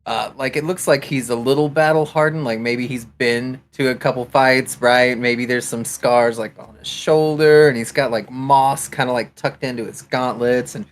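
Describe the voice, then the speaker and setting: Man player, mid-pitch, playful, rambling character description. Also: steady tone, moderate pace, few pauses. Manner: chatty, playful, lots of fillers. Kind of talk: casual chat at a tabletop game.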